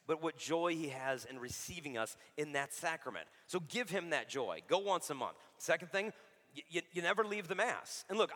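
Man, 30s, Catholic speaker. Bright, animated, joking delivery; long hall reverb. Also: a little high. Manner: casual and joking, says dude a lot. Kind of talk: lively sermon-style talk.

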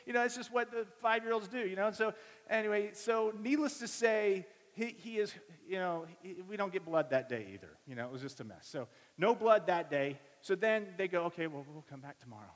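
Animated preacher in a reverberant hall. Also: male voice, high-pitched, fairly quick. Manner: animated storytelling, acts out voices of family members. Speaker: pastor. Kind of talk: sermon with personal stories. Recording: long reverb of a large hall.

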